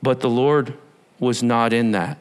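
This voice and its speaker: A male pastor giving a sermon, telling the story with animated swings from shouts down to whispers. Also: medium pitch, unhurried, smooth.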